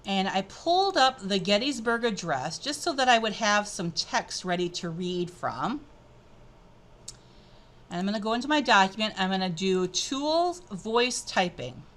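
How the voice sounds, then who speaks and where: A woman's voice: medium pitch, lively intonation, a little slow, fairly bright tone. Woman, edtech presenter, screencast tutorial, chatty, upbeat, computer mic.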